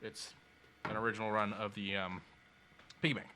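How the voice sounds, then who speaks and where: Bright-voiced man telling animated stories. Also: lowish voice, normal speed, a little hiss or hum. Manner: animated storyteller, acts out quoted voices. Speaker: podcast co-host. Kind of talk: casual chat.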